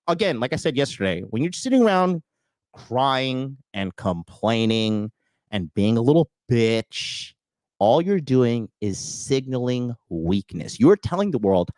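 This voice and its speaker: Brief: young adult man podcast host, profane mocking rant, very lively pitch, dry close sound. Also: normal speed, dry recording. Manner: crude, profane and mocking, with lots of filler; mocks critics in a high whiny put-on voice.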